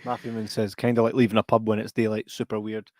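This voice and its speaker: A man's voice: on the low side, flat delivery, quick pace, darkish tone, no echo. A man co-hosting a podcast, chatting casually with wry remarks and reading out listener comments. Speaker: podcast co-host.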